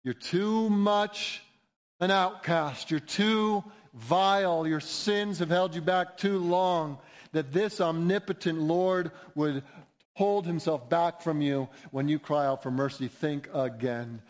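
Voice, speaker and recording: A man's voice: on the high side, takes it slowly. A man preaching a sermon in an earnest, emphatic way, building to rising appeals. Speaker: pastor.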